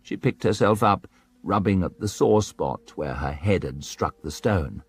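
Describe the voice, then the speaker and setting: A man narrating an audiobook in a slow, dramatic storytelling manner. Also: low-pitched, expressive, slightly rough, no echo.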